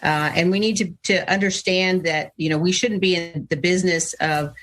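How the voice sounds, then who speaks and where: Low, measured female politician. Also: fairly even intonation, a bit bright. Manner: measured, hesitant, with fillers. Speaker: politician in archive clip. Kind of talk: formal political speech.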